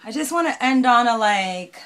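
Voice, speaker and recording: High-voiced woman chatting playfully. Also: slow, fairly bright tone, poor audio. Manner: playful, chatty, self-mocking. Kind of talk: vlog.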